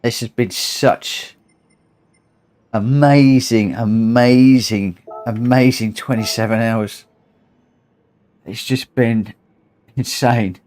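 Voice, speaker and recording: A man's voice: mid-range voice, steady tone, takes it slowly, long pauses, darkish tone. A tired man hosting a long charity gaming livestream, chatting casually, rambling and repeating himself as he gets emotional. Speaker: livestream host.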